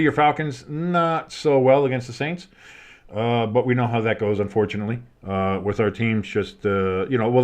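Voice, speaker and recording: A man hosting a live sports stream, calling plays and rambling into joking asides. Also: lowish voice. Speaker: sports streamer and play-by-play host. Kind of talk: live play-by-play with casual chat.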